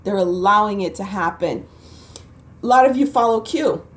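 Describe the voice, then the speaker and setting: A woman hosting her own channel, giving chatty, animated spiritual commentary to camera and laughing often. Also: medium pitch, normal speed. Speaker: channel host. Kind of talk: casual spiritual commentary vlog.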